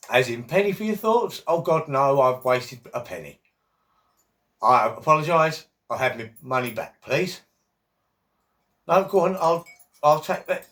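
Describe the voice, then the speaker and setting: Middle-aged man, rambling jokey vlog talk, animated pitch. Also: unhurried, pauses often. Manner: chatty, jokey, wandering asides. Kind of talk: rambling casual monologue.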